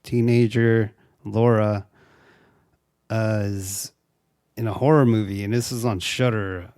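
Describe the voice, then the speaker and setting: A young man from Mexico, a native Spanish speaker, co-hosting a casual movie review chat in a joking, profane, animated way. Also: fairly low pitch, slow pace, no echo, studio quality. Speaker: co-host.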